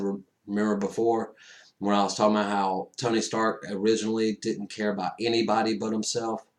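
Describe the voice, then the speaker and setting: A man giving a casual, excitable movie review, moving between loud enthusiasm and hushed retelling, full of slang. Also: fairly low pitch. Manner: casual slang, says friggin' a lot.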